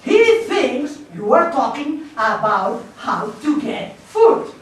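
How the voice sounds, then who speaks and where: A woman's voice: high-pitched, takes it slowly, heavily acted. A woman playing a giggling, stammering interpreter. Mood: playful. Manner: playful, giggling, stammering, animated. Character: laughing go-between translating for a native. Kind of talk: live puppet theater performance. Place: live stage before an audience. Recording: very echoey, distant mic, faint noise.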